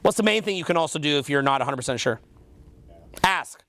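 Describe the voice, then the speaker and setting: Fast-talking Canadian man coaching a crowd. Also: a little high, dry recording. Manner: quizzing, energetic, repeats answers back. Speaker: dating coach. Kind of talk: seminar teaching with audience questions.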